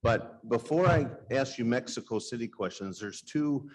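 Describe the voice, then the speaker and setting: A man's voice: mid-range voice, animated, normal speed, darkish tone. A man moderating a conference interview, steering with prepared questions. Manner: organized, reads prepared questions.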